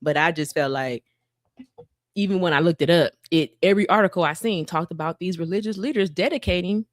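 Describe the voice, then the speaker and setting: A low-pitched woman talking on a faith podcast, close and dry with no room sound. She paraphrases scripture in relaxed slang and circles back over her own words as she thinks aloud. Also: a little fast, dry recording. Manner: retells Bible stories in loose, slangy paraphrase; drawls, repeats and restarts lines. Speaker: podcast co-host. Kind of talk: casual faith podcast chat.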